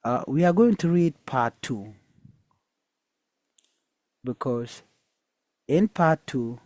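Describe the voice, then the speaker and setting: A man reads a folktale aloud at a very slow pace, pausing often and hesitating with fillers as he explains it to listeners. His voice is mellow and dark, and the recording is dry and close. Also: mid-range voice, expressive, no room sound. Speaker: storyteller and teacher.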